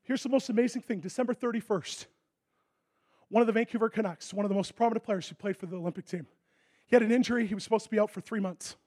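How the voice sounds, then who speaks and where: High-voiced husky preacher man. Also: quick pace. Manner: animated storytelling, acts out dialogue, swings from loud excitement to hushed intensity. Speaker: pastor. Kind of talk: sermon.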